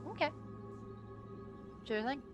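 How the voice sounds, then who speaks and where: A woman running a tabletop game as game master, narrating in a relaxed, conversational way. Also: slow pace, soft background music.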